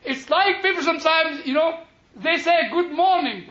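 A man's voice: very high-pitched, moderate pace, sharp tone, roomy sound, highs cut off. A man lecturing a class on the Bible, chatty and digressive, full of "you know" and little chuckles, asking his listeners questions. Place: lecture room with a live audience.

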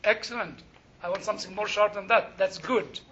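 A man leads a Bible class with a very high, bright voice, animated and joking as he quizzes the room. The recording is dull and lo-fi. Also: moderate pace. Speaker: Bible study teacher. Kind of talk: interactive class teaching. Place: classroom with a group.

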